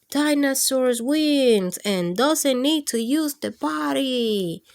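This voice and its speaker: Slow, animated woman reading aloud to kids. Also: a little high. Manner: expressive read-aloud with playful roars and sound effects. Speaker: children's storyteller. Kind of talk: reading picture books aloud.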